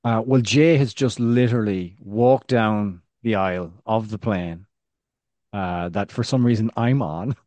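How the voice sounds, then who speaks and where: A man co-hosting a casual football podcast, telling stories with lively restarts and a voice that rises when excited. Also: measured pace, dry recording. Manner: animated storyteller, restarts, rising pitch when excited. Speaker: podcast co-host.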